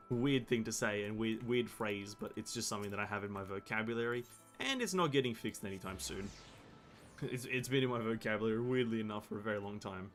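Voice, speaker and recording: A man's voice: fairly low pitch, a little fast, soft background music. A young man chatting casually while streaming a game, rambling and laughing at himself. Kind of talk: casual chat.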